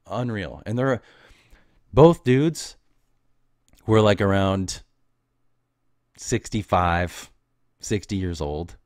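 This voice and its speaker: A young man with a low, deep voice talks alone into a close mic, the sound dry and dead. He rants in a casual, exasperated way and mocks people with a sarcastic edge. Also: slow, pauses often, darkish tone, dry recording. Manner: ranting, exasperated, mocking. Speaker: podcast host. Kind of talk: casual solo podcast monologue.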